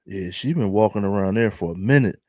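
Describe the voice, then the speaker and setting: A young man with a Philadelphia accent doing casual, laughing commentary to his viewers in drawn-out slang. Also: on the low side, dark tone, dry recording. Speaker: commentary vlogger.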